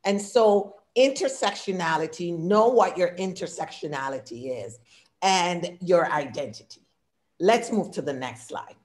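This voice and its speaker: A woman's voice: on the low side, animated, measured pace. A woman in her sixties with an accent, talking through a workshop presentation on a video call in short, listed phrases. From immigrant. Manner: warm, talkative, speaks in short lists; audible non-native English accent. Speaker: diversity consultant and workshop speaker.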